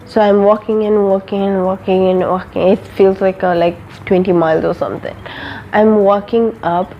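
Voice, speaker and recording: A woman's voice: mid-range voice, fairly even intonation, normal speed, highs cut off, slight background noise. A young woman from an Arab country, a vlogger telling a personal story in a casual, rambling way full of fillers and restarts.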